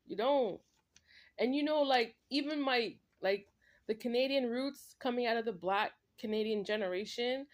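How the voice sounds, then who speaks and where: A woman vlogger in a confrontational, repetitive rant, talking straight at an absent man. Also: on the high side. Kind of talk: ranting monologue to camera.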